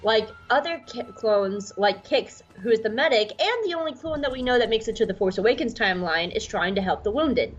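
Chatty woman host, fairly high voice, faint music underneath. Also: animated, fairly quick, few pauses, lo-fi sound. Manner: chatty, irreverent. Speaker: podcast host. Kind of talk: casual recap.

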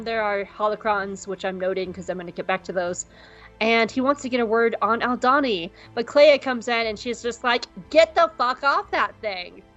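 A woman co-hosting a podcast, recapping an episode in a casual, profane, playful way and acting out characters' lines in quick bits. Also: on the high side, fairly bright tone, lo-fi sound. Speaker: podcast co-host.

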